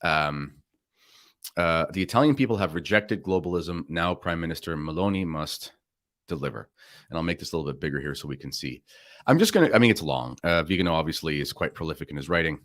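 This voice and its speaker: Male host, low-pitched, casual commentary delivery, dry close sound. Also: expressive, fairly quick, a bit bright, no echo. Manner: casual, conversational with fillers and asides. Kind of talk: pre-recorded commentary show.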